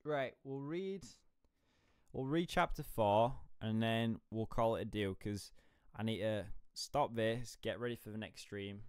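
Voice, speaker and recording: A man's voice: on the low side, unhurried, darkish tone, clean tone, no room sound, studio quality. A man casually chatting and reading a book aloud on a livestream, rambling and laughing at himself.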